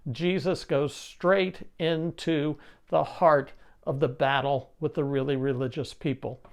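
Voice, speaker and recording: Higher-voiced man preaching a lively sermon. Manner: lively expository preaching with rhetorical questions.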